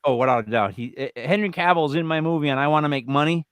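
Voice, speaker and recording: A podcast co-host with a fairly high, bright, clear and resonant voice talks fast during a live online show. Playful and jokey, he reels off lists of names in casual banter punctuated by bursts of emphasis, with no echo on the recording.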